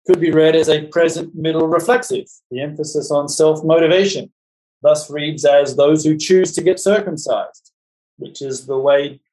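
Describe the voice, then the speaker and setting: Guy leading a bible class, kinda high voice, trips over his words a lot, restarts constantly. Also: darkish tone, poor audio. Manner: fast, halting, with many restarts and fillers. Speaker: Bible study teacher. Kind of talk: lecture with group discussion.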